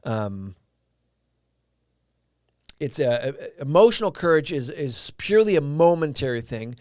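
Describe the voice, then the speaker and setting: A man's voice: fairly high pitch, big pitch swings, unhurried, a little mellow, no echo, clean studio sound. A man hosting a casual livestream, telling a story in a loose, rambling way with lots of fillers and restarts. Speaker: live stream host.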